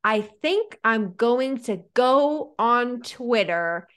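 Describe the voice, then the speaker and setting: High-voiced sarcastic woman podcast host. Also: drawn-out words, smooth. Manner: animated and sarcastic, heavy use of "like". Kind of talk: casual chat.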